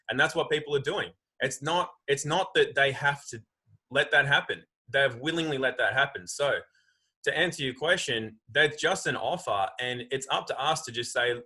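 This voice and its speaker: A man's voice: mid-range voice, normal speed, breathy edge, low-quality recording. A man guest talking emphatically on a video call, arguing his point at length. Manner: emphatic, animated, acts out quoted voices. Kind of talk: casual conversation.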